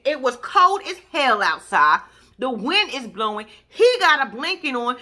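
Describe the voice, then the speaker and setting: A woman's voice: high-pitched, pushed and bright. A woman giving casual reaction commentary as a vlogger, blunt and profane, ranting in exasperation.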